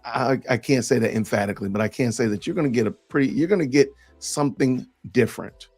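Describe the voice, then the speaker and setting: A man's voice: mid-range voice, quick pace, darkish tone, soft background music. A man hosting a podcast, reading out comments and answering them in an emphatic, sarcastic way. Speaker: podcast host.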